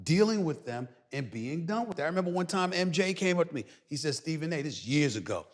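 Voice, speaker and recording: A middle-aged man as a guest commentator, talking loudly and emphatically on a podcast. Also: a little high, a little fast. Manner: loud, animated, preacher-like emphasis. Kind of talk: emphatic podcast interview talk. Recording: reverberant room.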